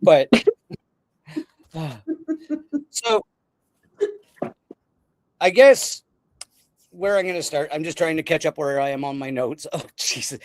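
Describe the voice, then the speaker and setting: A man hosting a casual podcast chat, excitable and rambling, often breaking into laughter. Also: fairly high pitch, slow, pauses often. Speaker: podcast host.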